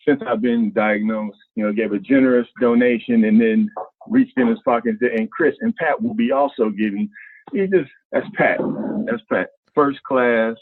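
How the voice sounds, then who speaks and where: A man from Ohio, a former basketball player, telling stories as a guest in a casual, colloquial way, acting out quotes with big jumps in pitch. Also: no room sound. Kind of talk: casual storytelling. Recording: tinny phone-line sound.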